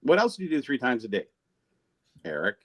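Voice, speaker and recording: A man in a casual chat who drifts into rambling anecdotes. His pitch moves a lot, rising and falling as he tells a story. He speaks at a relaxed, ordinary pace. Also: fairly quick. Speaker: guest.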